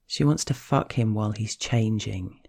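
A man narrating a scripted story in a slow, hushed, measured way. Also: fairly low pitch, gravelly, breathy edge.

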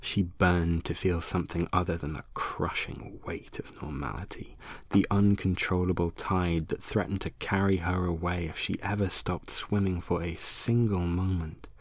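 A man narrating an erotic horror audiobook in a slow, hushed, dramatic reading on a close mic. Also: sits low, fairly even intonation, dry recording.

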